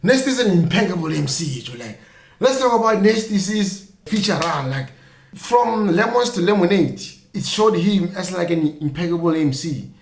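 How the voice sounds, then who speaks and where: A man's voice: high-pitched, lively intonation, moderate pace, echoey room. A young South African man hosting a podcast, talking loosely and casually with lots of fillers and jokey asides. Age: young adult. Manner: loose and chatty, many fillers like "you know what I mean", jokey asides. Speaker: podcast host. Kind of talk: casual solo commentary.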